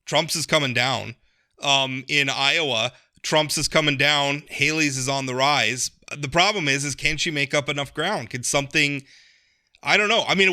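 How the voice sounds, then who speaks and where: A man hosting a casual political podcast chat. He talks in an animated way, often restarting and repeating words. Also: fairly high pitch. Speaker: podcast host.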